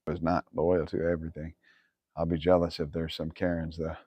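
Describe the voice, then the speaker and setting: A man's voice: extremely low pitch, level tone, a little fast, dry recording, dull audio. A man hosting a casual livestream from his yard, rambling and swearing, laughing often. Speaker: livestream host. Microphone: phone camera.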